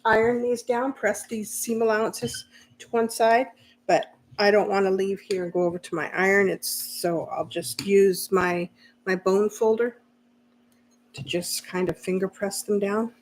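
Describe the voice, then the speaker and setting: A woman's voice: medium pitch, steady tone, measured pace, slight background noise. A woman hosting a casual live sewing stream, chatting and laughing easily as she answers viewer comments while she works. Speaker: sewing channel host.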